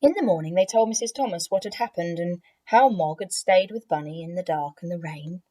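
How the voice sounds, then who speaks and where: A woman teacher reading a picture book aloud to children, expressive and gentle, with chatty asides. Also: fairly low pitch, brisk.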